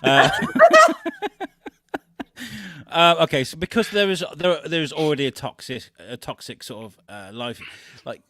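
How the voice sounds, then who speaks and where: Crude jokey man, bright and lively. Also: fairly high pitch, measured pace, long pauses, no room sound, clean studio sound. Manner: crude, jokey, puts on silly voices. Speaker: co-host. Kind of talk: comedic podcast banter.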